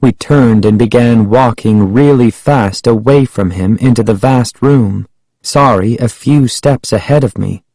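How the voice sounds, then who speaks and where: Unhurried male storybook narrator, dry sound. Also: mid-range voice, dark tone, dry recording, low-quality recording. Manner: measured, unhurried first-person telling. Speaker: audiobook narrator.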